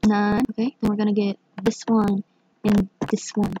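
A young woman with a hoarse voice, chatting excitedly through her gameplay with lots of fillers. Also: medium pitch, moderate pace, a little hiss or hum, rough recording. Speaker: gaming channel host. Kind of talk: casual gameplay commentary.

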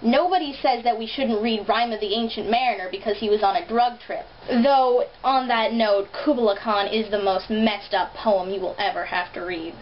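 A young woman with a slight lisp, vlogging in an animated, sarcastic, chatty way, recorded on a built-in camera mic. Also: on the high side, moderate pace, few pauses. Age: young adult. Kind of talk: casual vlog chat. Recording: dull lo-fi camera audio, faint hiss.

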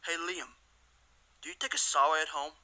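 A man voicing a tired schoolteacher in an amateur cartoon, giving slow commands to a noisy class. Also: on the high side, steady tone, lightly acted. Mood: weary. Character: weary male schoolteacher calling the class.

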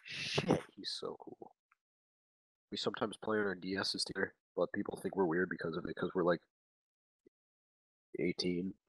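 A man putting on a dopey eighteen-year-old slacker who rambles on in a crude, meandering drawl. The voice sits very low, close and dry, as if right on the mic. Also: steady tone, moderate pace, long pauses, fairly bright tone, slightly rough, no room sound, heavily acted, low-quality recording. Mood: rambling. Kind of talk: improvised comic monologue.

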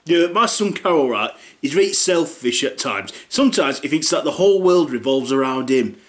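A man's voice: on the high side, expressive, a little fast. A middle-aged man with a Northern English accent delivering a rambling comedic character monologue, blunt and casually sweary.

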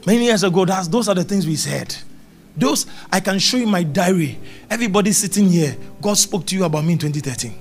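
Middle-aged preacher guy, high voice that jumps all over, hammering his points with repeats, faint music under him. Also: lively intonation, fast talker. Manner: emphatic, repetitive preaching with scripture quotes. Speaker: pastor. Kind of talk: sermon. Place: church service.

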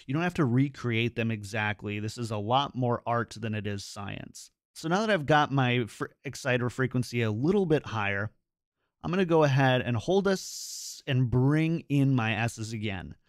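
Tutorial presenter, male, mid-pitched, clear instructive delivery, close studio mic in a dry room. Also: expressive, moderate pace, dry recording. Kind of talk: scripted product tutorial. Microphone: studio microphone, close.

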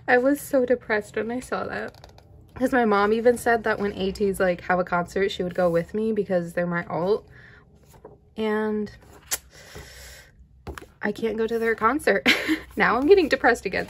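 A young woman, chatting in a casual unboxing vlog, excitable and giggly, breaking into squeals of delight. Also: medium pitch, slight background noise. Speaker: vlogger.

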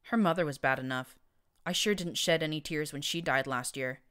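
A woman's voice: deep voice, normal speed, fairly bright tone, smooth. A woman voicing an older gray mare who runs maintenance, dry and blunt in speech. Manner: dry, blunt, matter-of-fact.

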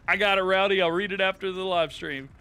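A man with a drawl hosting a live game stream, chatting casually with viewers, laughing often and thanking them warmly. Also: high voice, steady tone, a little fast, clear, resonant tone, no echo. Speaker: live-streaming gamer host. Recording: light game music behind.

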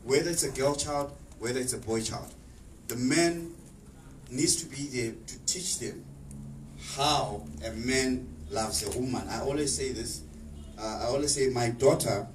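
A middle-aged man speaking on a panel, earnest and repeating words as he searches for them. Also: mid-range voice. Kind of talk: panel discussion speech. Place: exhibition hall. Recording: echoey hall, distant mic, faint noise.

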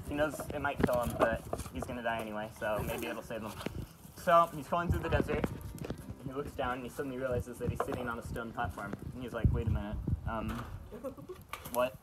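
A man's voice: mid-range voice, heavy background noise. A young man improvising a story at a house party, rambling and stopping himself with chuckling asides. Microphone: phone camera.

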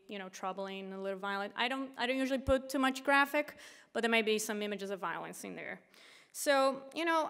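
Woman from Brazil, conference speaker; loose, conversational delivery, fairly high voice, reverberant hall. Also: a bit bright. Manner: casual and conversational, with many fillers. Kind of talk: conference talk.

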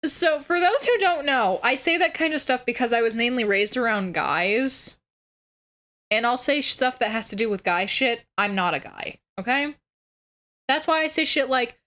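Woman streamer rambling at home, swears a lot, blunt, kinda high voice. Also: lively intonation, normal speed, bright, forceful tone. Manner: blunt, crude, swears freely. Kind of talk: casual livestream chat.

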